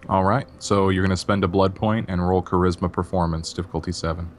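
A man's voice: sits low, flat delivery, fast, faint music behind. A man narrating as game master in a tabletop game, with a descriptive, sensual style.

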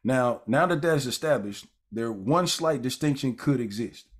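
A Bible teacher with a medium-pitched, animated voice talks at a normal speed. His lesson is conversational, wandering off into offhand remarks with fillers and false starts before he reads passages of scripture aloud, emphasizing the important words.

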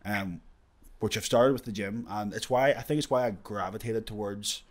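A man with a fairly low voice, co-hosting a relaxed podcast. He talks in an easygoing, reflective way and laughs often. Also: moderate pace. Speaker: podcast co-host. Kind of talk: casual chat.

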